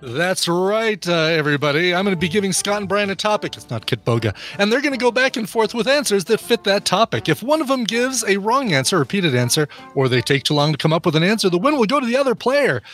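Higher-voiced man running a podcast game. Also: sing-song, quick pace, few pauses, a bit bright, soft background music. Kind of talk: casual comedic chat.

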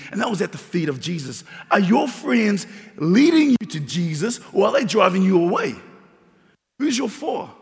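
A man's voice: sits high, vocal fry. A man preaching a sermon as pastor, repeating phrases and building emphasis. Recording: long reverb of a large hall.

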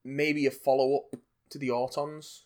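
A man co-hosting a casual podcast, hesitant and often trailing off quietly. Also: medium pitch, little pitch movement, a little slow. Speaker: podcast co-host.

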